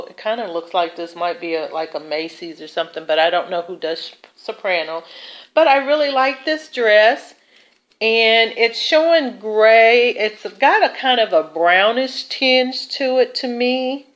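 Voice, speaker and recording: A woman's voice: medium pitch, fairly bright tone, muffled recording. A woman chatting casually about her thrift store finds in a vlog, with fillers and self-corrections. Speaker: thrift haul vlogger. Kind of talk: casual show-and-tell vlog.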